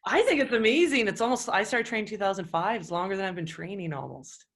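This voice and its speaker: A woman's voice: medium pitch, animated, fast, a bit bright. Chatty woman hosting a podcast interview. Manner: curious, chatty questioner. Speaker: podcast host. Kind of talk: casual interview.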